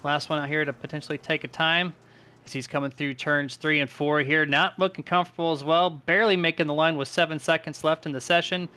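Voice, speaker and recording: A man commentating a simulated truck race, calling lap times and reading the starting lineup in brisk play-by-play. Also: on the high side, fairly even intonation, pushed and bright, smooth. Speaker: sim racing commentator.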